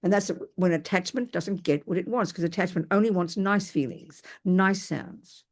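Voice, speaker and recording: In a dharma talk, this Buddhist teacher, an older woman with a fairly low voice, speaks at a normal speed. She frequently starts sentences over while telling lively stories that poke fun at herself.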